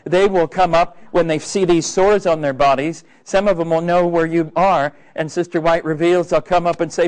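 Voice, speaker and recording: A man's voice: on the high side, steady tone, normal speed, few pauses, darkish tone, smooth, low-quality recording. A male preacher giving a sermon in a conversational, earnest way, with many hesitations and fillers.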